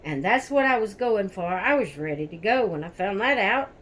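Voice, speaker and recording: A woman's voice: medium pitch, expressive, moderate pace, a little hiss or hum. A woman vlogging to camera about her dolls, rambling and repeating herself, addressing viewers as guys. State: shaken, near tears. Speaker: doll collector vlogger. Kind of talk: casual chat to camera.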